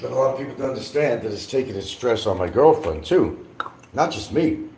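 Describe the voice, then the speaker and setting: A man's voice: medium pitch, animated, brisk, darkish tone, slight background noise, poor audio. A man talking casually on a livestream, blunt and combative, with rambling asides. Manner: eating while talking at times.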